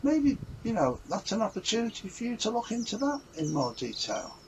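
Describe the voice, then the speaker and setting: Earnest male vlogger, rambling monologue, fairly high voice, faint outdoor background. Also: very animated, a little fast, lo-fi sound, background noise. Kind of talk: casual reflective monologue.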